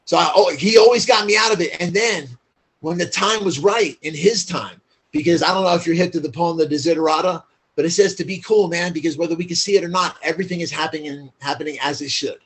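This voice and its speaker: A man's voice: a little high, fast talker, a bit bright, slightly rough. A man as a podcast guest, telling his story in a candid, blunt, profane way, full of "like" fillers.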